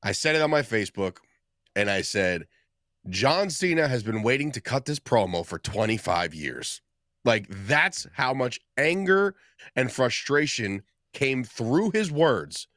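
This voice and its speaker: A man's voice: medium pitch, big pitch swings, a little slow, a bit bright, no echo, clean studio sound. A man co-hosting a podcast in casual chat, rambling and acting out quotes in different voices. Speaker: podcast co-host.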